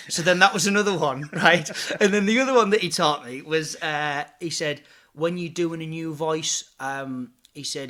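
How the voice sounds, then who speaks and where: A chatty man talks easily in an interview, laughing often as he tells stories. His voice is bright and forceful and sits a little high. He drops "you know" into nearly every line. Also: moderate pace. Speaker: guest, impressionist and comedian. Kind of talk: casual interview chat.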